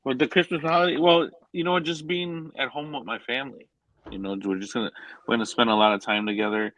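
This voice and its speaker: A man's voice: medium pitch, steady tone, fast, fairly bright tone, rough recording. A man with a Chicago accent chatting casually as a guest, plain and laid-back. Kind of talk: casual chat.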